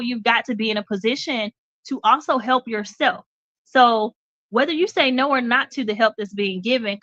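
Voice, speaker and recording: Direct talk show lady, bright and forceful, keeps asking okay?, dry dull audio. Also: a little high, no echo. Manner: direct, emphatic, checks in with "okay?". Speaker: radio talk show host. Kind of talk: motivational talk.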